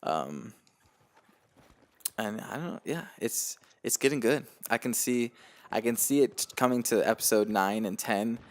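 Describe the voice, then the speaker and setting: A man's voice: on the low side, unhurried. A man co-hosting a podcast, chatting casually and animatedly, swearing freely and ranting. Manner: animated, swears casually, does mocking quoted voices. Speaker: podcast co-host. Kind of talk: casual chat.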